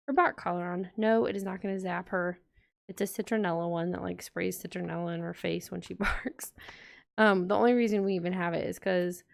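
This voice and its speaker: An American woman vlogger rambles casually while decorating a planner, talking straight to her audience. Her voice is mid-range and creaky.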